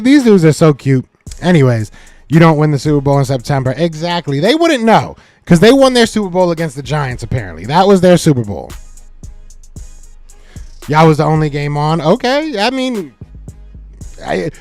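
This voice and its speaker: A man's voice: a little high, no room sound. A man hosting a sports talk live stream, answering his chat with teasing jabs that he repeats several times. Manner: animated, talks back to chat commenters. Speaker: podcast host.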